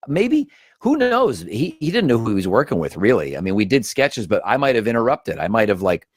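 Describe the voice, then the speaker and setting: A man's voice: on the low side, very animated, fast. A man, an actor and comedian, telling stories as a guest in a casual interview, acting out quotes with shifting voices.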